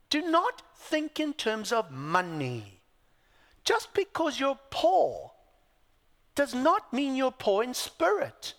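A pastor with a high-sitting voice preaches an emphatic sermon, asking his listeners rhetorical questions and adding dry, self-deprecating asides. The sound has a big-room quality.

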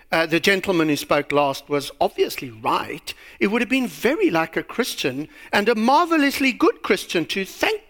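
A man's voice: fairly high pitch, fairly bright tone. A man preaching a sermon, telling a story with a lot of animation and asking rhetorical questions.

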